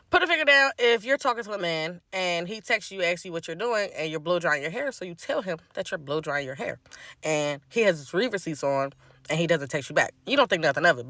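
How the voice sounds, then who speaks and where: A woman's voice: lowish voice, lively intonation, brisk, pushed and bright, no room sound. A woman telling a casual, exasperated storytime about a date.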